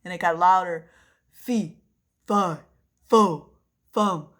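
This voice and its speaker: A woman's voice: on the low side, steady tone, slow pace, pitched below the performer's own voice. A woman voicing a huge menacing male giant in a children's story, chanting his words. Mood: booming. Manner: chanting, building from hushed to loud.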